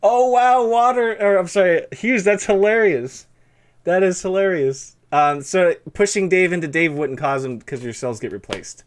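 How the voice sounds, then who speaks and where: A man's voice: on the high side, lively intonation, moderate pace. A young man with a lisp hosting a stream interview, talking in a loose, rambling way full of fillers. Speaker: stream host interviewing a guest. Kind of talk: casual chat.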